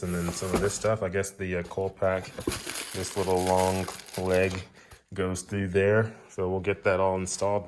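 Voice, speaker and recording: A man's voice: sits low, a little hiss or hum. A man talking casually through a car repair, rambling and easygoing, with lots of fillers and restarts. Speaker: car vlogger. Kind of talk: casual chat.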